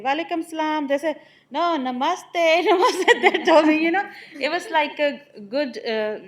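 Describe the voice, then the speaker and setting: A woman preschool teacher on a panel, speaking haltingly with fillers and restarts. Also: medium pitch. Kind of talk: casual panel talk.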